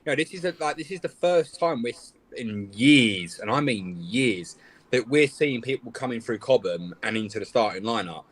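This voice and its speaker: A man's voice: mid-range voice, quick pace, hardly any pauses. A man, giving emphatic opinions in casual football chat. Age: 20s.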